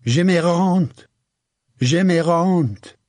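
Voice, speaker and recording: A man voicing a proud, hateful French nobleman speaking slowly with a French accent. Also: a little high, a little mellow, no room sound, clean studio sound, pitched above the performer's own voice. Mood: surrendering.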